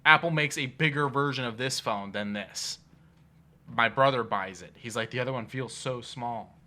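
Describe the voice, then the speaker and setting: A man's voice: medium pitch, normal speed, bright, forceful tone. A man co-hosting a casual podcast chat, skeptical and blunt, arguing his points with swearing. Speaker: podcast co-host.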